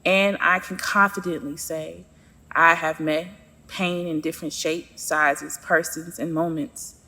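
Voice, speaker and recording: A woman's voice: sits low, steady tone, unhurried, pushed and bright, in a large hall. A woman narrating her own story in the first person, with a sassy, sarcastic manner.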